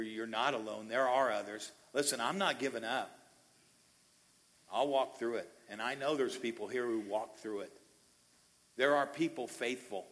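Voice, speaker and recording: A male pastor delivers a sermon in a church sanctuary, talking easily with his congregation and tossing in quick "okay?" check-ins and asides. His voice is bright and forceful. It rings out with the long reverb of the hall. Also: mid-range voice.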